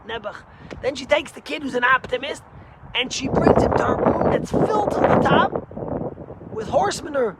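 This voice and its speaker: A man, a rabbi, giving a short Torah lesson through stories, animated and emphatic with big swings in pitch and loudness. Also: normal speed, very noisy. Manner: energetic, emphatic.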